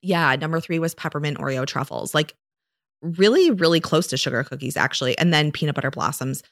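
Low-voiced chatty woman podcaster. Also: brisk, gravelly, dry recording, studio quality. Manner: chatty, rambling with fillers and restarts. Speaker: podcast co-host; dietitian. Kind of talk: casual chat.

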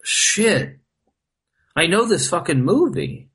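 A man's voice: high voice, sing-song, slow, a bit bright, husky, poor audio. A man co-hosting a podcast in loose casual chat, swearing a lot and filling his talk with "like". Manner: loose, heavy swearing and filler "like". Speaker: podcast co-host.

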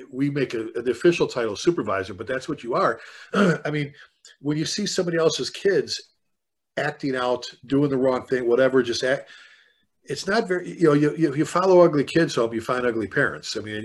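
A man from the fire service talking casually on a podcast, telling stories with animated energy. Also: medium pitch, breathy edge. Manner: animated storyteller, excited when retelling.

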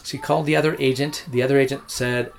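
A real estate agent casually recounting a deal with a client, rambling with restarts and acting out quotes. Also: male voice, mid-range voice, flat delivery, quick pace, creaky, slight background noise. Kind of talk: casual storytelling.

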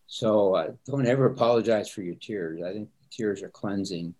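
A man's voice: on the low side, normal speed, darkish tone. An older man, a pastor, talking earnestly and openly about feeling, with an easy laugh in a candid interview.

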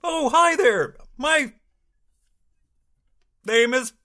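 A man putting on the voice of a cheery older male inventor, high and cracking as he keeps breaking into laughter. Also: animated, very slow, noisy background, exaggerated voice.

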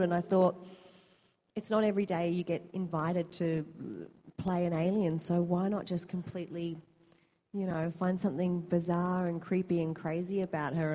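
A woman's voice: fairly low pitch, warm tone. A woman actor chatting on a convention panel, laughing often and telling stories with animation. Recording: long hall reverb.

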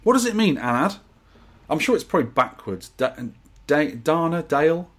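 A husky-voiced man co-hosting a podcast, chatting casually and joking as he reads out messages from listeners. His pitch swings up and down with plenty of life. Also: big pitch swings, moderate pace. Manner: jokey banter, reads listener messages aloud. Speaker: podcast co-host. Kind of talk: casual chat.

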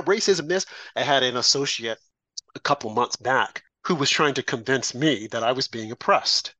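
A man's voice: on the high side, bright, forceful tone, no echo. A middle-aged American man hosting a political talk show, delivering an emphatic, repetitive, preachy monologue. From United States. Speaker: host.

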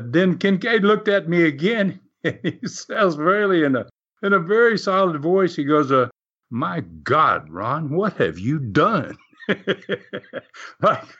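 Animated chuckling man telling a story. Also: a little high. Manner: animated, chuckles often, acts out quotes. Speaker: wrestling promoter and TV producer. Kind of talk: storytelling anecdote. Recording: dull lo-fi recording.

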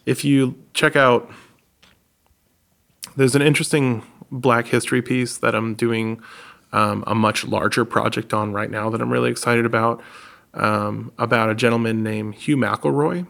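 A man who makes documentaries, chatting casually and telling stories with animated, laughing delivery. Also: medium pitch, unhurried, gravelly. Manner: animated storyteller, laughs often, mimics others. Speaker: documentary filmmaker. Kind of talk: casual conversation.

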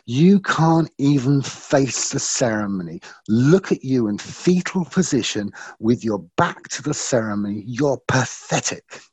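A man voicing a contemptuous plant spirit that berates someone with slow, sneering insults. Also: medium pitch, animated, darkish tone, husky, no echo, voice pushed up.

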